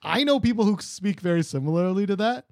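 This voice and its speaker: A man hosting a podcast in casual chat, telling stories in an animated, rambling way with fillers. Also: sits high, fast, no echo, studio quality.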